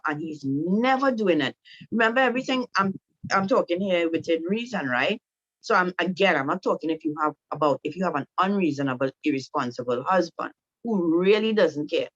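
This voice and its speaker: A woman's voice: on the low side, no echo, muffled recording. A woman giving an instructive talk to women on marriage, speaking directly and often asking "right?". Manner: direct, repetitive, coaching with rhetorical "right?". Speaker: marriage teacher.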